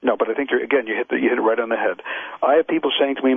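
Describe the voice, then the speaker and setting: A man's voice: medium pitch, very fast, dry recording. Emphatic man on a tinny radio line. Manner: emphatic, repeats points, acts out owners' excuses. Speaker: dog trainer and expert witness. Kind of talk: radio interview guest. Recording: dry, husky, phone-like radio line.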